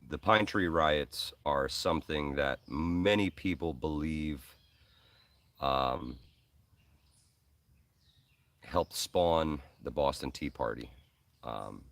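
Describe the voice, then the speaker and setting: A man's voice: rumbling low, a bit bright, dry recording, far from the mic. A man from New York's Hudson Valley hosting a live stream, chatting casually and rambling with many ums while answering viewers. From Hudson Valley, New York. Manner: rambling, friendly, many ums and uhs, says man and bro. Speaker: host of a preparedness live stream.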